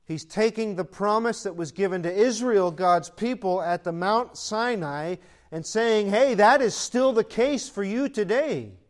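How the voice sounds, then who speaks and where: High-voiced man preaching a sermon. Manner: preaching with emphatic rises and hushed asides; reads scripture in slow, deliberate cadence. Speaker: pastor.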